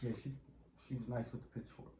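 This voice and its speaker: A woman's voice: rumbling low, level tone, fast talker, warm tone, slight background noise. A woman casually recapping a film, chiming in with short agreements. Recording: roomy echo.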